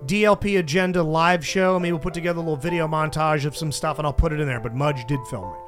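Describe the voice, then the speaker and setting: A man hosting a podcast, telling a profane, animated story in casual chat and laughing mid-story. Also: fairly high pitch, fast, faint music behind. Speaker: podcast host and stand-up comedian.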